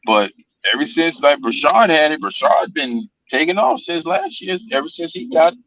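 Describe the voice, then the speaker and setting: A man's voice: on the high side, wildly swooping pitch, normal speed, vocal fry, fairly bright tone, dry recording. A man calling in to a casual sports chat from his phone while on the move, easygoing and hedging his picks with lots of yeahs. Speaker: call-in co-host. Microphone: phone call on the move. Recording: dull dry lo-fi phone line.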